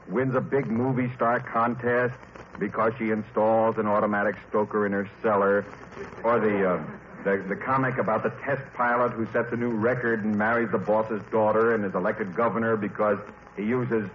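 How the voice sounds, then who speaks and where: A man hosts an old radio comedy show, stumbling over his words in a wry, chatty way. His pitch moves a lot. The sound is dull and lo-fi, with a faint hiss behind it.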